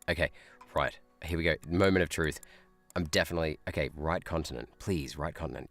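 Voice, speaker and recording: A man's voice: rumbling low, normal speed, fairly bright tone, faint music behind. A man who is a teacher, streaming a guessing game live, thinking aloud in a chatty way and laughing often. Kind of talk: live gameplay chat.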